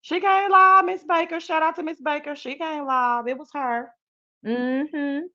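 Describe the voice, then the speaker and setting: A woman's voice: sits high, fairly even intonation, measured pace, bright, forceful tone, lo-fi sound. A woman hosting a casual live-stream chat, talking in a playful, sassy, slang-filled way and answering her viewers. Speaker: live-stream show host.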